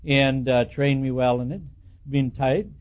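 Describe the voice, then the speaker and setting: A man's voice: fairly even intonation, measured pace, darkish tone. A man preaching a sermon in a folksy way, now and then acting out quoted voices. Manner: folksy, acts out quoted voices with rising pitch. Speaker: pastor. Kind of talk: expository sermon. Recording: dull lo-fi sermon recording.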